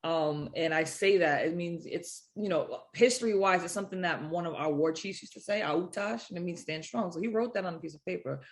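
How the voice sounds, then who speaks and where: Woman, 30s, boxer guest; low-pitched and lively, playful storyteller. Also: brisk, hardly any pauses. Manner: animated storyteller, acts out quotes, laughs often. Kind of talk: casual interview chat.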